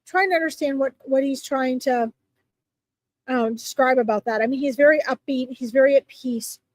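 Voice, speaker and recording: High-voiced woman giving chatty live readings. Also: normal speed, no echo. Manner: chatty, warm reassurance, filler-heavy. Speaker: psychic reader answering viewers.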